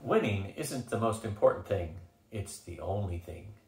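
An older man reading a novel aloud in an unhurried way, sometimes restarting a phrase. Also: lowish voice, animated, gravelly. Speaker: reader. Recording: roomy echo.

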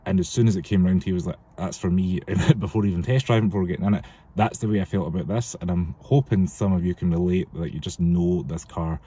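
A man's voice: low-pitched, warm tone, husky. A man from the UK chatting casually and rambling on his car vlog, recorded outdoors on a windy, cold day. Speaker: car vlogger. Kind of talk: casual chat.

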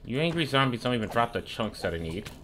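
A man's voice: mid-range voice, sing-song, fast, a bit bright, slight background noise. A young man giving casual, profane commentary while streaming a game, trash-talking the mobs that attack him. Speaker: gaming streamer.

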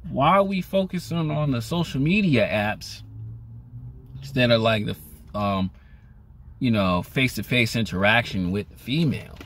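A man's voice: animated, normal speed, a bit bright. A young man vlogging casually to the camera, rambling with many "you know" fillers in a laid-back conversational way. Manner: laid-back and conversational, pitch rises when acting out lines.

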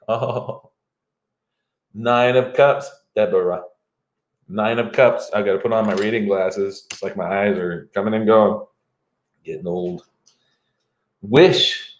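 A middle-aged man giving a live tarot reading for viewers, playful and joking between cards. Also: mid-range voice. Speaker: tarot reader. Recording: roomy echo.

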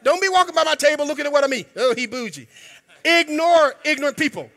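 A man preaching a sermon in a church, emphatic and colloquial, sometimes breaking into shouts. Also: very high voice, racing. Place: church sanctuary. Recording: long hall reverb.

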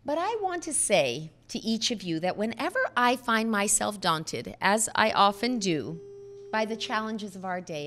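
A middle-aged woman speaking at a podium in a measured, earnest way. She leans on key phrases and lets pauses land. Her voice sits at an ordinary pitch for a woman. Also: a bit bright. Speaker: speaker at a foundation event. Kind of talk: prepared speech.

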